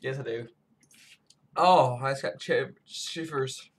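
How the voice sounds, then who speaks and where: A man's voice: mid-range voice, slow, breathy edge. A man from the United States rambling through a casual snack taste-test vlog, full of self-mocking asides. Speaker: vlogger.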